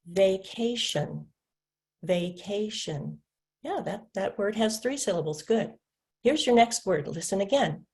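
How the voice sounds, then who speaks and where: A woman presenting a literacy webinar, patiently explaining and modeling words slowly for students to repeat and clap. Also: medium pitch, a little mellow. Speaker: literacy instructor. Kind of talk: webinar teaching demonstration.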